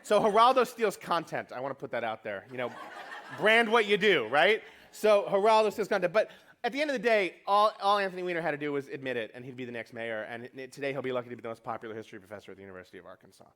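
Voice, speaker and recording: Fast brash New man on stage. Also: a little high, lively intonation, fairly bright tone. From New York. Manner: fast, brash, joking, profane, acts out quotes. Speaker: keynote speaker. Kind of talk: comedic keynote speech. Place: conference hall with audience.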